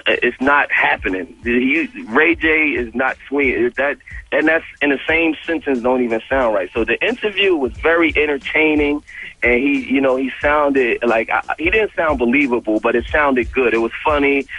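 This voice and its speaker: Animated man telling a story on radio. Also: mid-range voice, normal speed, rough recording. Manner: animated, acts out the dialogue, profane slang. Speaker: radio interview guest.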